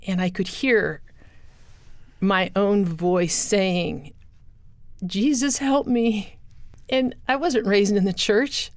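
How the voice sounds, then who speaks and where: A woman's voice: medium pitch, slow. A middle-aged woman, a guest in an interview, telling her life story earnestly in a studio. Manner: earnest storyteller, acts out quoted voices. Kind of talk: personal testimony interview.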